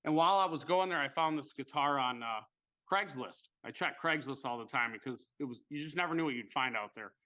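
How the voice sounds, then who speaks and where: Bright, animated storytelling man. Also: medium pitch, a little fast. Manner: animated storyteller, swears freely. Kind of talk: casual chat, storytelling.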